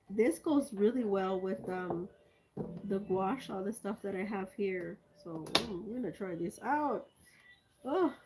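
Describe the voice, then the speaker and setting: A woman chatting casually as she unboxes gifts for her video, gushing and excitable, swinging between loud squeals and soft, hushed thanks. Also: medium pitch. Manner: gushing and excitable, many exclamations. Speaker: art vlogger.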